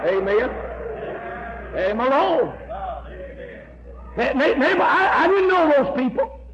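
High-voiced man preaching a fiery revival sermon. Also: very animated, slow pace. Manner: emphatic, repeats "I tell you" and "amen", rises to shouts. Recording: dull lo-fi recording with faint hiss.

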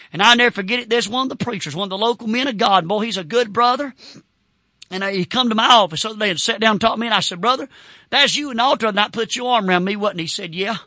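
A man preaching with fervor, breaking into shouts and whoops between his points. His voice sits high and sounds bright and tense. The sound is dry and close, with no room around it. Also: no room sound. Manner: fervent, shouting bursts and whoops. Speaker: Baptist pastor. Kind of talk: sermon.

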